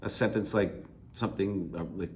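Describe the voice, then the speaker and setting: A man teaches English in a recorded video lecture that reviews reading answers, restating key words with easier synonyms and repeating himself along the way. His tone is steady and his pace moderate, though he stretches his pitch up on examples and drops quiet at the ends of phrases; there is a little hiss or hum.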